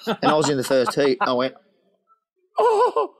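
A man's voice: mid-range voice, animated, fast, a little hiss or hum, poor audio. Laughing man telling surf stories. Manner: laughing storyteller, acts out quotes. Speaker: guest, former pro surfer. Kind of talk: casual anecdote telling.

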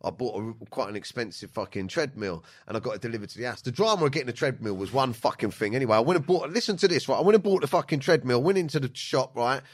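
A man's voice: medium pitch, lively intonation, fast, hardly any pauses. A man, hosting a podcast and telling stories in casual chat. He swears constantly and acts out what other people said. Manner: swears a lot, acts out quotes in funny voices. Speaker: podcast host.

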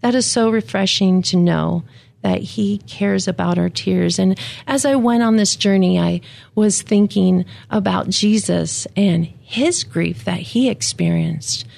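A widowed woman giving a gentle, reflective devotional talk about grief and faith, speaking plainly with occasional fillers. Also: mid-range voice, unhurried, creaky. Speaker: widow sharing her faith.

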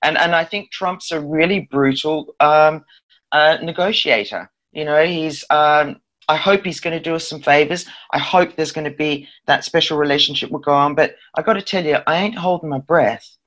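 A woman's voice: deep voice, moderate pace, a bit bright. A woman co-hosting a casual political chat, blunt and teasing with a wry edge. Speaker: podcast co-host.

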